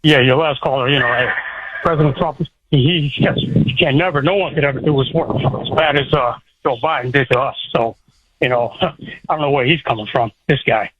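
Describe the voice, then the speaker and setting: A man's voice: medium pitch, a little fast, background noise. A man calling into a radio talk show, rambling with many fillers and slightly out of breath. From United States. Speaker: caller. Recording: dull lo-fi phone-in line.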